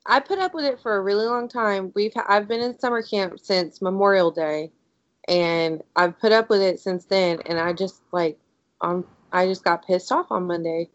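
A woman co-hosting a podcast, telling a story in a casual, animated way and saying "like" a lot. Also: mid-range voice, normal speed, no room sound. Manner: animated, excitable storyteller, heavy use of "like". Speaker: podcast co-host. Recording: dry, dull lo-fi audio.

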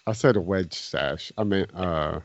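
Low-voiced joking man on a dull line. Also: unhurried, a little hiss or hum. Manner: joking, laughs often. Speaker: podcast co-host. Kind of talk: casual movie commentary chat. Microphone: remote call, audio cuts out.

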